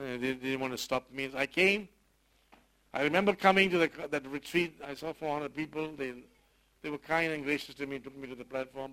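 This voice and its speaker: A man who is a pastor, telling a personal story in a sermon, emotional and halting, often repeating words. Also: medium pitch, fairly bright tone, poor audio. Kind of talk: sermon testimony.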